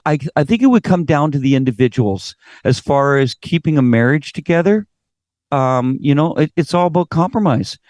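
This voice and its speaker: Guesting in a casual interview, a middle-aged Canadian singer with a Canadian accent tells stories with animation, performs quotes, and drops casual swear words. He speaks at a moderate pace with a somewhat high voice, and the sound is dry and clean, like a studio.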